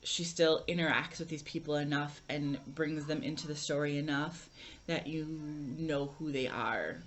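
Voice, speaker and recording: A woman's voice: low-pitched, steady tone, normal speed, slight background noise. A young woman vlogging a casual book review, rambling with lots of fillers and restarts.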